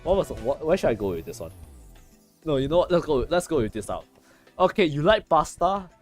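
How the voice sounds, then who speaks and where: A man's voice: fairly high pitch, big pitch swings, brisk, faint music behind. A young man chatting casually over gameplay, joking and correcting himself with many restarts. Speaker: gaming streamer.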